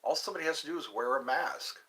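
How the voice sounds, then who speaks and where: A man hosting a live stream alone, musing slowly and meandering while he answers viewer chat. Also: fairly high pitch, bright, forceful tone. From United States.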